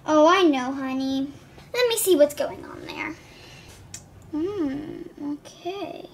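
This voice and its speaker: A woman voicing a gentle school nurse doll. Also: sits high, wildly swooping pitch, takes it slowly, gravelly, a little hiss or hum, heavily acted. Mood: reassuring. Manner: gentle, reassuring, calls the child honey. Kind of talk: doll play narration.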